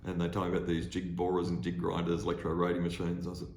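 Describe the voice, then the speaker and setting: A man's voice: low voice, fast, reverberant. An older Australian man, a podcast guest, telling stories casually and acting out the people in them. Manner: animated storyteller, acts out voices. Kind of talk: casual storytelling.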